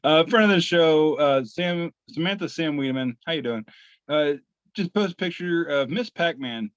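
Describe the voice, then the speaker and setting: A man's voice: a little high, clean tone, dry recording. A man co-hosting a casual podcast, reading memes aloud with lots of fillers and restarts. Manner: halting, many fillers and restarts. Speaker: podcast co-host. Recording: dry, slightly muffled podcast audio.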